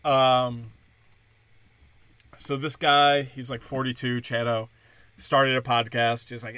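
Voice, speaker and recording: Rambling profane comedian in a closet. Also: male voice, medium pitch, little pitch movement, slow pace, bright, forceful tone, smooth, dry recording. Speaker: comedian podcast host. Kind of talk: casual podcast monologue. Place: small closet. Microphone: headphones and studio mic.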